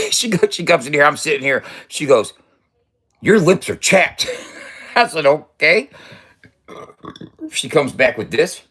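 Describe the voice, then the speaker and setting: A man's voice: a little high, big pitch swings, moderate pace, a bit bright, slightly rough. A man in his fifties talking casually in a loose, profane, boastful way and laughing often. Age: 50s. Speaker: vlogger. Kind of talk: casual rambling vlog.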